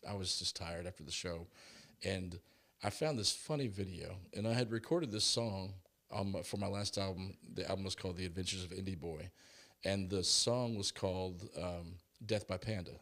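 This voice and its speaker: Low-pitched male musician guest, lively storyteller, casual and chatty. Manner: animated storyteller, acts out quotes. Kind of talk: casual interview chat.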